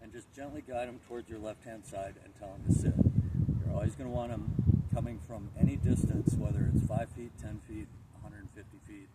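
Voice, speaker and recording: A man's voice: lowish voice, fairly even intonation, fairly quick. A man working as a dog trainer, casually explaining his methods to a dog owner outdoors, with plenty of fillers, recorded on a camera held a few steps away. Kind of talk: instructing a dog owner on the spot. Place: outdoors on an empty lot. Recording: distant camera mic with loud background noise.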